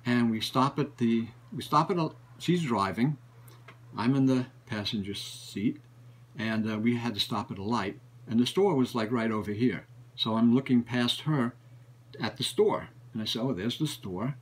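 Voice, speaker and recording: A man's voice: medium pitch, normal speed, husky, low-quality recording. A man, a book collector, telling stories in a rambling casual way, often repeating and restarting phrases. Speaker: book collector and show regular. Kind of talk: casual storytelling.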